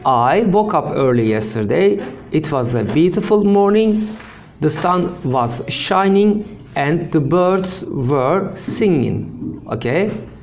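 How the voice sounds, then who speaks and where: A male teacher walks through grammar examples at a deliberate, unhurried pace, repeating each sentence and checking in with "okay?". His voice is slightly high and gravelly, and it rises and falls a lot as he stresses the words. A faint hiss sits under the recording. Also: lively intonation, darkish tone. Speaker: English teacher. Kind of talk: language lesson.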